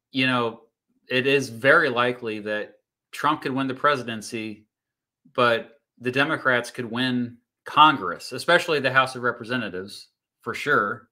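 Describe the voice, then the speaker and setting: A man's voice: mid-range voice, pushed and bright. A man hosting a casual livestream, reading viewer comments and explaining court rulings in a chatty way with plenty of fillers and restarts. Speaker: YouTube host reading live chat.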